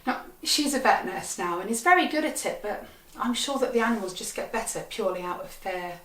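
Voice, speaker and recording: A woman comedian with a wry, deadpan delivery, telling a funny personal story. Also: mid-range voice, a little fast. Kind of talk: comic storytelling performance. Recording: echoey, from a distant mic.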